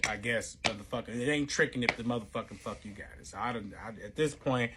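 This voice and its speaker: A man's voice: mid-range voice, fast, heavy background noise. A man telling a personal story in a casual, rambling monologue, swearing heavily and restarting his sentences. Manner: profane, rambling, self-interrupting.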